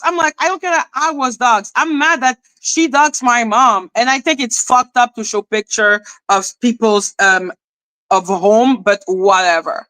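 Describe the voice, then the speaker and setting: A woman's voice: on the high side, measured pace, pushed and bright, dry recording, low-quality recording. A woman doing blunt, exasperated live-stream commentary, ranting and repeating herself.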